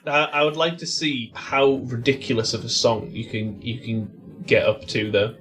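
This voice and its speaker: A man co-hosting a comedy podcast, firing off quick, incredulous questions in casual banter. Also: medium pitch, fairly even intonation, fairly bright tone. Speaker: podcast co-host.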